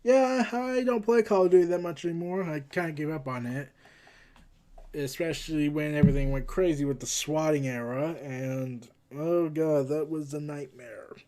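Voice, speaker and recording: A man's voice: on the high side, moderate pace, dark tone. A man hosting a casual news commentary, rambling with sarcastic asides. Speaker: host.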